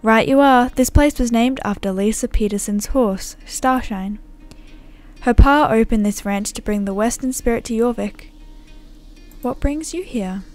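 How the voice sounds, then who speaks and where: A woman's voice: on the high side, measured pace, darkish tone, faint music behind, close to an everyday voice. Woman reading as a folksy male ranch hand. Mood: friendly. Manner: folksy, welcoming. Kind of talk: reading game dialogue aloud.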